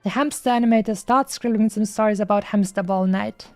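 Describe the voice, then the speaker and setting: A woman's voice: medium pitch, steady tone, fairly quick, darkish tone, soft background music. Playful woman streamer reading game lines. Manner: playful, hesitant reading with many fillers. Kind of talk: reading game dialogue aloud on a live stream.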